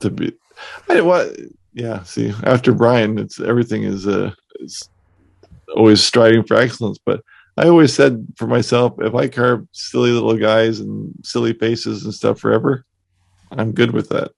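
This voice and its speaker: A man's voice: on the low side, normal speed, gravelly, dry recording. A man co-hosting a podcast about woodcarving, giving easygoing, laid-back advice in casual chat.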